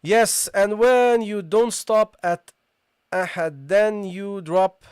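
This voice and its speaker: Teaching tajweed live online, this instructor is patient, frequently checks on the class, talks to listeners informally, and repeats the sounds slowly. The mid-range voice is darkish, clear, and resonant, in a dry, studio-quality recording.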